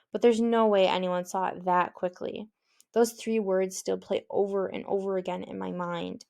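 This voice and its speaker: A woman's voice: medium pitch, creaky, a little mellow. A woman reading an audiobook in first person, with a conversational, youthful, inward manner. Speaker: audiobook narrator. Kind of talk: first-person scripted narration.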